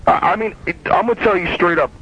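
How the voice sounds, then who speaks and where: A man's voice: sits high, fast talker, a bit bright, a little hiss or hum. A man telling a long, heated story in casual chat, profane and rambling, often restarting his sentences. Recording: dull lo-fi sound.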